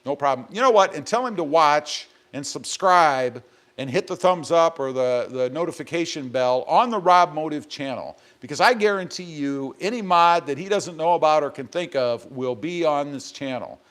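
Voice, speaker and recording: A man chatting casually as he hosts a live stream from his garage. He reads out viewer comments one by one, joking and rambling between them, with a voice pitched a bit high for a man. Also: lively intonation, normal speed, fairly bright tone. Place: home garage.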